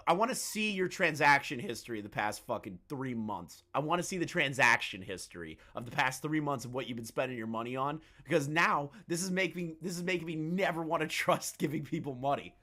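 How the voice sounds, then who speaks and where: A man's voice: a little high, expressive, fairly quick, hardly any pauses, pushed and bright. Male reaction commentator, crude and mocking, heated rants. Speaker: commentary YouTuber.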